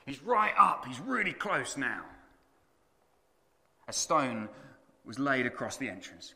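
Animated male preacher in echoey hall. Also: medium pitch, slow pace, long pauses. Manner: dramatic, animated storytelling. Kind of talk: sermon. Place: conference hall.

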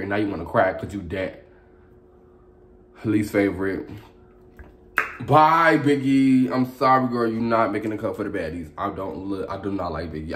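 A young man runs through his opinions at a rapid clip, in a fairly low voice. He is brash and sassy, and he swears freely in a casual vlog-style review. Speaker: reality show reviewer.

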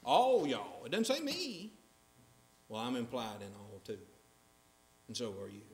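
A man's voice: medium pitch, huge pitch swings, measured pace. A man preaching a sermon in a church, emphatic and often asking the congregation questions. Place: church sanctuary. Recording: echoey church sanctuary.

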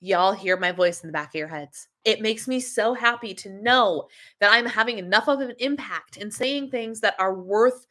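A woman's voice: medium pitch, moderate pace. A woman who is a wellness coach, chatting on a webcam livestream and reading out viewer comments. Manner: chatty and animated, laughs often.

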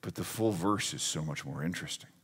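A man's voice: deep voice, fairly quick, fairly bright tone, slightly rough. A pastor in his forties preaching a conversational, storytelling sermon in a church sanctuary. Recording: long church reverb.

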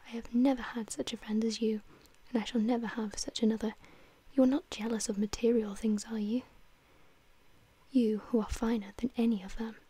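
A woman's voice: on the high side, little pitch movement, normal speed, dark tone, husky, dry recording. A woman whispering the part of an earnest, devoted male painter in a whispered role-play reading.

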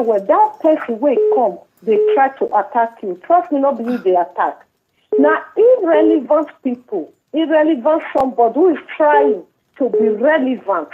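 A woman's voice: high voice, breathy edge. A Nigerian woman caller, calling in to a live show to reassure the host earnestly. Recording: tinny phone line.

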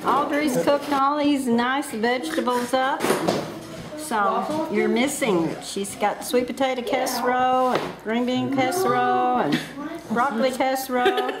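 A woman's voice: high-pitched, unhurried. A woman chatting about the holiday meal at a family gathering. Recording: roomy home video with crowd chatter.

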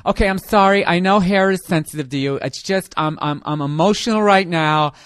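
A man's voice: very high voice, lively intonation, moderate pace, a bit bright, no echo, pitched above the performer's own voice. A man voicing a nagging, emotional wife who pleads and stammers in a whiny way.

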